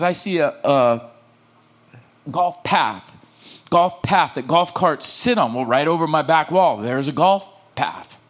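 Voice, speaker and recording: A man preaching in church, his voice sitting a bit higher than most men's. He tells stories and acts out the dialogue, checking in with the congregation as he goes. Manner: animated storytelling, acting out dialogue. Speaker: pastor. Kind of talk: sermon.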